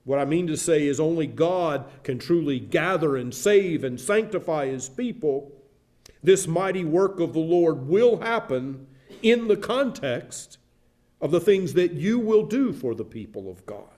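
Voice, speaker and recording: Mellow-voiced older male pastor preaching. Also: a little high, expressive, a little slow. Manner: earnest, building emphasis through repetition. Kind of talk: sermon. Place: church sanctuary.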